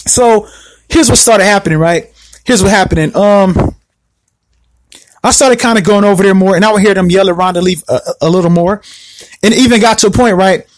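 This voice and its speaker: A man telling a personal story in a rambling, repetitive way, acting out his own past words. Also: fairly quick. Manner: rambling, repeats himself, acts out his own past words with rising pitch. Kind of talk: casual storytelling.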